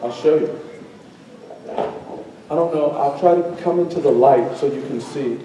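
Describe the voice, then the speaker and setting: A man storyteller telling a tale live to an audience in a school auditorium, animated and playful, drawing the crowd in with call and response. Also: fairly high pitch, brisk, dull audio, a little hiss or hum. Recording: very echoey hall from far off.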